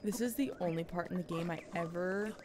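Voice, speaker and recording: A woman's voice: lowish voice, fairly quick, background noise. A woman streamer giving casual let's play commentary, chatty and full of fillers, with the odd mild swear. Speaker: gaming streamer.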